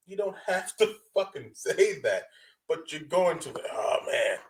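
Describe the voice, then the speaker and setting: A man's voice: on the high side, normal speed, poor audio. A man co-hosting a reaction show, talking casually with lots of swearing and acting out voices. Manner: animated, swears a lot, acts out quoted voices.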